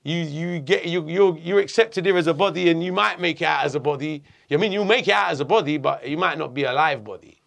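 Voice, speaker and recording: A middle-aged man from England, telling a story in an interview, animated and swearing a lot. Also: fairly high pitch, fast, gravelly, hardly any pauses. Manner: animated, swearing, acts out voices. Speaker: guest.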